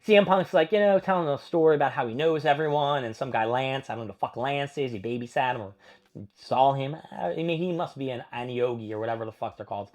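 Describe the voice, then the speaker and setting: A man's voice: medium pitch, quick pace, darkish tone. A man hosting a casual wrestling review vlog, recapping matches in a rambling, profane play-by-play and acting out what the wrestlers said.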